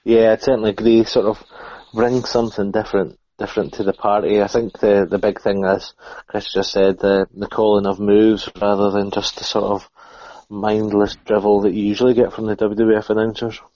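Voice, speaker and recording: A man co-hosting a podcast, speaking in a measured way in casual chat. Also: fairly low pitch, little pitch movement, warm tone, no echo, lo-fi sound. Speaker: podcast co-host.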